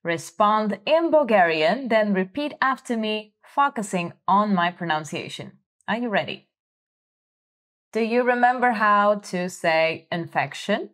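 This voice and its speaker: A woman hosting a vocabulary lesson, speaking slowly and clearly, prompting listeners to repeat words and encouraging them. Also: medium pitch, expressive, a bit bright. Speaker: language teacher host. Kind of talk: slow vocabulary drill lesson.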